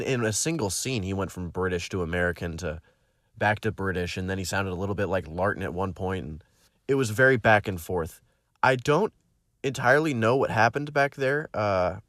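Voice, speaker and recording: Speaking low, a young man who narrates audiobooks and hosts a channel rambles casually to listeners once a book is done, full of fillers and false starts. The recording is dry and of studio quality.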